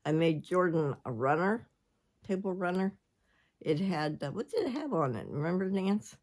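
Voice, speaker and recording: A woman's voice: lowish voice, very animated, normal speed, darkish tone. Rambling chatty older woman. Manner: rambling, chatty, jumps between subjects. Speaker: vlogger. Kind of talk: casual chat.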